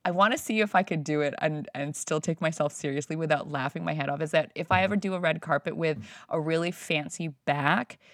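A woman comedian, a guest, chatting casually and animatedly in an interview, laughing and tossing off quick asides. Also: low voice, no room sound, studio quality.

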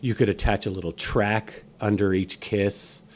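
Low-voiced man doing a mock sales pitch. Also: fairly even intonation, normal speed. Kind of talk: improvised comedy banter.

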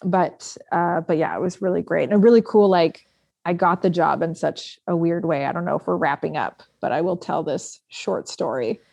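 A woman's voice: on the low side, normal speed, vocal fry, a little mellow, husky, no echo. A woman guest telling a story in a casual podcast chat, talking with lots of fillers and restarts. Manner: chatty storyteller, many fillers.

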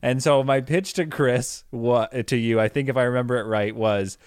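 Canadian man, comedy podcast co-host, mid pitch, dry close sound, laughs a lot. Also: fairly even intonation, clear, resonant tone, no room sound. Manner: laughs often, jumps into quick put-on voices. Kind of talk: casual comedy chat.

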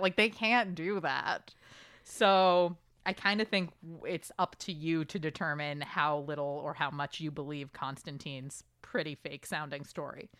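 A woman hosting a podcast, chatting casually and reading listener emails aloud with quick asides. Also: deep voice, fairly even intonation, fairly bright tone, clear, resonant tone, no echo, studio quality. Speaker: podcast host.

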